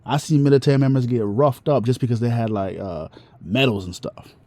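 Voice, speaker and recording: A man voicing a blunt, street-wise older Southern man with a slow, plainspoken drawl. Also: mid-range voice, mellow, no room sound, natural voice.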